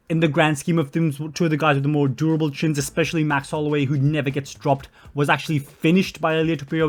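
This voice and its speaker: A young man giving a blunt, opinionated solo commentary on fighters, with fillers and self-corrections along the way. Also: fairly high pitch. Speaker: MMA commentary channel host. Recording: faint background music.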